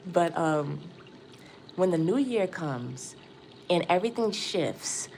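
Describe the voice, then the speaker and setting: Excitable woman reading tarot live. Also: on the low side, slow, vocal fry, a little hiss or hum. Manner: excitable, chatty, addresses viewers as y'all. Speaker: tarot reader.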